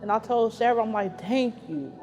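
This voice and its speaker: A woman's voice: on the high side, normal speed, a little mellow, faint music behind. A woman from Chicago speaking earnestly and emotionally in a documentary interview, often repeating herself. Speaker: interviewee, mother seeking housing.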